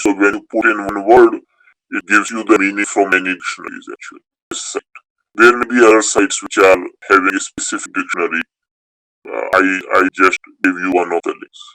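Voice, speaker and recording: A male language teacher with a lowish voice and a bright, forceful tone, taking questions in an online class. He explains methodically, restarting words as he goes. The sound is dry and close. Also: no echo, rough recording.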